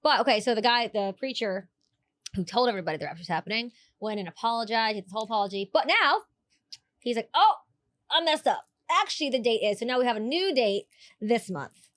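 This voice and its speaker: A woman's voice: a little high, quick pace, dry recording, clean studio sound. A woman co-hosting a podcast, chatting casually and telling stories with strong opinions. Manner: animated, opinionated storyteller. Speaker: podcast co-host. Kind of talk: casual chat.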